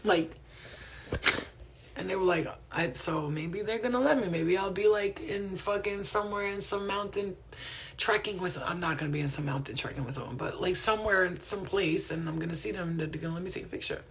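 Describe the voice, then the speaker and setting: A woman's voice: on the low side, a little fast, breathy edge. A woman hosting a casual spiritual livestream, reading viewer comments, laughing often and swearing freely. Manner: profane, laughing often, animated.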